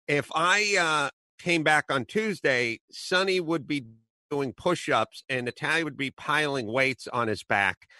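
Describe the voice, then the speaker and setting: Bright-voiced ranting man, dry studio sound. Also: medium pitch, dry recording. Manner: ranting, animated storytelling with put-on quotes. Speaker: podcast host. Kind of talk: casual chat.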